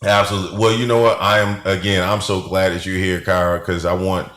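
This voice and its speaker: A radio host opens his talk show with upbeat, chatty banter. His voice sits a little low, and the room adds a noticeable echo. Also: level tone, brisk, a bit bright.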